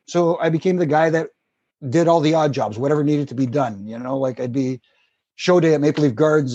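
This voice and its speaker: Guy, husky voice, kinda high, rambling wrestling stories, dry sound. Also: no echo, dull audio. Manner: rambling, animated anecdotes with acted quotes. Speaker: guest, former wrestling referee. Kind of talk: casual storytelling.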